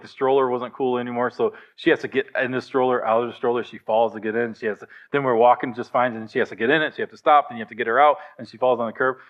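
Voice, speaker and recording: A middle-aged pastor preaching in an easygoing, chatty way and joking at his own expense. His voice sits a little high for a man. The recording sounds dull and lo-fi. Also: a bit bright. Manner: conversational storytelling with self-deprecating humor. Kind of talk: sermon.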